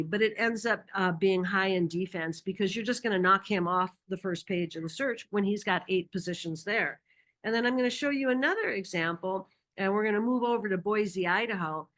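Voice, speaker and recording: A woman presenting a marketing masterclass, energetic and enthusiastic, who acts out quoted dialogue and laughs often. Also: medium pitch. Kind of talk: presentation talk.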